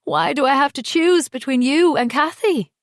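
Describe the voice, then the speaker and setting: A woman's voice: high voice, normal speed, no echo, studio quality, voice pushed up. A woman narrator voicing a torn, anguished man who pleads, in her own voice raised with emotion. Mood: pleading.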